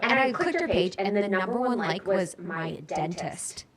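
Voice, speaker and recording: A woman's voice: mid-range voice, expressive, normal speed, far from the mic, over a noisy crowd. A young woman co-hosting a podcast, telling stories in a chatty, laughing, slangy way. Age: young adult. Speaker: podcast co-host. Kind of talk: casual chat.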